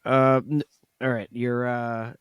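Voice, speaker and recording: A man's voice: mid-range voice, level tone, takes it slowly, clear, resonant tone, dry recording. Laughing, easily distracted man co-host. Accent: Boston. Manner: laughs often, slips into put-on accents. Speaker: podcast co-host. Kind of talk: casual banter game.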